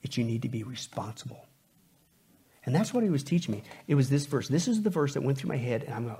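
A man preaching a sermon, animated and joking, dropping from loud bursts to hushed lines. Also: on the high side, fast talker, slightly rough. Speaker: pastor.

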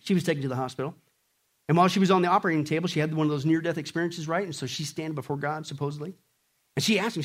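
Animated high-voiced male preacher. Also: very fast, slightly rough. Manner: animated, swings from loud to hushed, acts out voices. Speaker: pastor. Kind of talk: sermon with jokes.

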